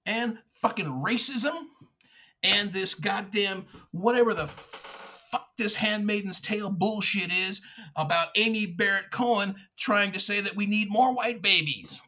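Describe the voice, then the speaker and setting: A fired-up man tears into his targets in a loud, profane political rant. His voice is bright and forceful and sits a little high for a man. He mocks, swears and pushes every point hard. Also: unhurried. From United States. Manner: furious, profane, shouting and mocking. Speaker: podcast host.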